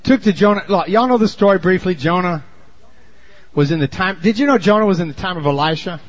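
A man preaching a sermon in a folksy storytelling way, dropping to low asides and then shouting for emphasis. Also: expressive, a little fast, dull audio.

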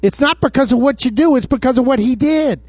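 A man preaching to his congregation in a high voice, tossing out questions and acting out Bible scenes. The sound is dry and a little dull. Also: quick pace, darkish tone, no room sound, soft background music. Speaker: pastor. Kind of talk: sermon. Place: church before a congregation.

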